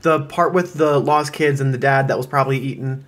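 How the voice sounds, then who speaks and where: A man's voice: medium pitch, fairly even intonation, a little fast, a bit bright. A man co-hosting a podcast, chatting casually and agreeably about a movie and joking along. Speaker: podcast co-host. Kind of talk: casual movie review chat.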